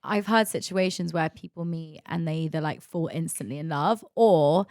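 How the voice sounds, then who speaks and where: A woman's voice: deep voice, moderate pace, a little mellow, dry recording, clean studio sound. A woman hosting a podcast in casual chat, reacting with exclamations and asking eager questions. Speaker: podcast host.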